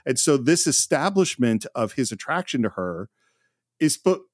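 A man's voice: medium pitch, very animated, moderate pace, no echo, clean studio sound. A man hosting a podcast, chatting enthusiastically as he recaps an old film. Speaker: podcast host. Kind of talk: casual film discussion.

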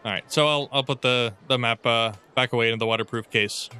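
Bright-voiced man explaining in character. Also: medium pitch, steady tone, brisk, clear, resonant tone. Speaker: tabletop roleplay player. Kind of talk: in-character improv in an actual play game.

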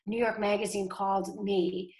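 In a relaxed interview, this Boston-based communications director for a city council speaks with a medium-pitched, slightly mellow voice and a flat delivery. She's talkative, laughs briefly and often, and peppers her sentences with "like" and "you know."

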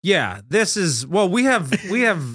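A man's voice: sits high, big pitch swings, a little slow, a bit bright, husky, no room sound, studio quality. A man co-hosting a casual comedy podcast who teases his co-host with wry interjections.

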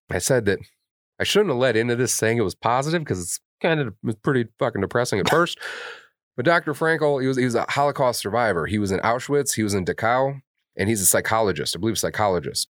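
A man with a very deep voice talks on a podcast in a casual, candid way. His speech is blunt and full of swearing, and he is openly emotional. The sound is close and dry. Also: dry recording. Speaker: podcast co-host.

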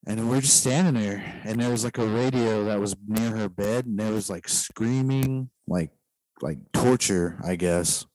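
A man's voice: lowish voice, measured pace, a little mellow, dry recording, rough recording. A man casually telling a long story, rambling and filling his talk with "like". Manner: rambling, heavy use of "like" fillers.

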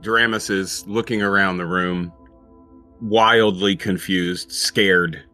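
A man's voice: low-pitched, fairly even intonation, slow, pushed and bright, soft background music. A man running a tabletop role-playing game, asking players questions and narrating in a laid-back way. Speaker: game master.

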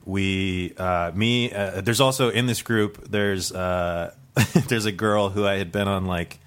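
As a guest on a comedy podcast, a low-voiced man tells a true story slowly and smoothly with fairly even intonation. He rambles, piles on fillers and restarts, and keeps laughing at his own tale.

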